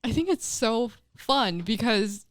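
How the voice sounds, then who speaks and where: A woman, an English teacher, talking in a casual podcast chat in a recording studio, lively and emphatic. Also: on the high side, takes it slowly, no echo.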